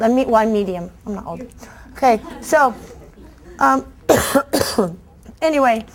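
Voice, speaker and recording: A middle-aged woman, a children's book author, giving a playful, animated talk to education students and quizzing the audience. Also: high-pitched.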